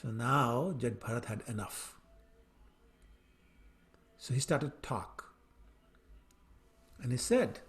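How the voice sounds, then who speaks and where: A man giving a scripture class, retelling a story in an animated way with fillers. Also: medium pitch, slow pace, pauses often. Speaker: lecturer on scripture.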